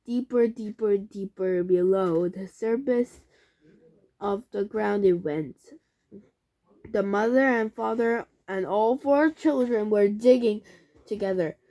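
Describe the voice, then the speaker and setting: Woman, reading a children's storybook aloud, slow pace, higher voice. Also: mellow. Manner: slow, careful reading with slips and restarts. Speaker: reader.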